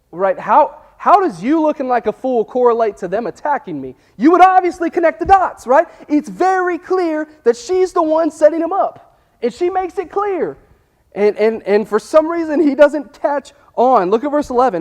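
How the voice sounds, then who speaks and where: A man preaching a casual sermon, telling the story in a chatty, animated way and acting out the quotes. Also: very high voice, moderate pace. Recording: long reverb in a hall.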